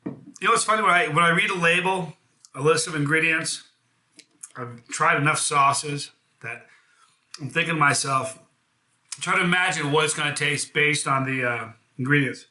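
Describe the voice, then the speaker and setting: A man's voice: a little high, normal speed, bright, forceful tone, echoey room. A man from the United States hosting a casual live hot sauce review, chatty and enthusiastic, with self-deprecating jokes.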